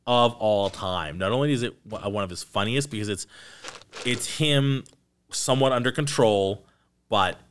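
A man hosting a casual podcast chat. He talks in an animated way, with many restarts and asides. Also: on the low side, moderate pace, a little hiss or hum. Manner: animated, acts out scenes in quoted voices. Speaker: podcast host. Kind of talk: casual chat about movies.

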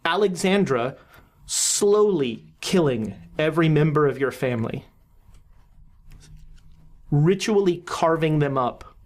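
A game master narrating a horror tabletop game, often pausing and restarting sentences. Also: mid-range voice, lively intonation. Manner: halting, with many restarts and fillers.

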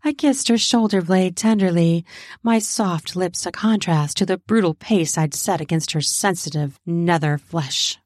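A woman narrating an adult audio story in a slow, intimate reading. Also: lowish voice, darkish tone, dry recording, studio quality.

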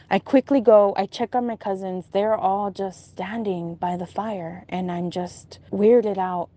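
A young woman telling a dream story casually, in a breathless, animated way, quoting the people in it. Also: medium pitch. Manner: breathless, animated retelling with quoted dialogue.

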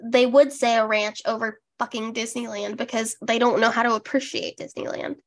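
A woman's voice: on the high side, flat delivery, normal speed. A young woman co-hosting a podcast in casual chat, wry and sarcastic, swearing casually. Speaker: podcast co-host.

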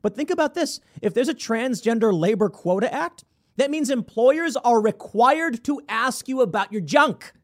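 A male commentator reads out news passages and reacts with sarcasm and disbelief. His voice sits high and swings widely in pitch. He talks casually, stumbling and breaking into mocking asides. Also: lively intonation, moderate pace. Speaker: political commentator.

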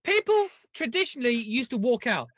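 Lively, bright-voiced joking man. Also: very high-pitched, brisk, no room sound, studio quality. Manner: animated, jokey, self-mocking. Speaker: podcast co-host. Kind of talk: casual podcast chat.

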